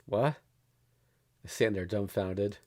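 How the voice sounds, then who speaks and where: A man's voice: on the low side, slow, warm tone. A man streaming a read-aloud of a visual novel, narrating steadily with small stumbles and laughs.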